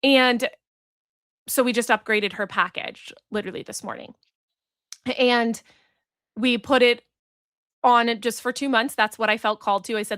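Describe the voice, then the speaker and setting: A woman's voice: on the high side, fairly even intonation, normal speed, pauses often, a bit bright, no room sound. Earnest woman podcaster, dry close sound. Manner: earnest, reflective storytelling, acts out quoted voices. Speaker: podcast host and business coach. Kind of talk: solo podcast monologue.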